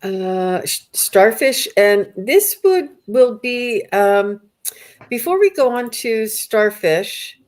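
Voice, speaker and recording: A woman hosting a spiritual livestream, soft-spoken and gushing as she thanks her viewers. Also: on the high side, expressive, slow. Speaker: livestream host. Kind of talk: live stream chat.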